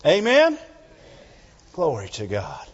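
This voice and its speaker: Fervent preacher in an echoing hall. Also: male voice, on the high side, wildly swooping pitch, slow pace, husky. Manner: fervent preaching, asks the congregation "Amen?". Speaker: pastor. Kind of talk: sermon. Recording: reverberant hall, dull lo-fi sound.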